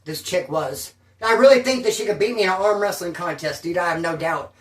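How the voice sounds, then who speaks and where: A man's voice: high voice, brisk, echoey room, far from the mic. A man telling a story from his past in casual, profane street slang, rambling and repeating himself.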